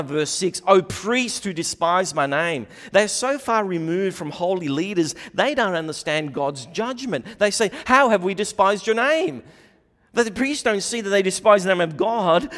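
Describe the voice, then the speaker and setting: Male preacher, higher register, animated sermon delivery that swings between loud and hushed, recorded in a hall with a long echo. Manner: animated, acts out quoted voices, rising and falling loudness. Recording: long reverb of a large hall.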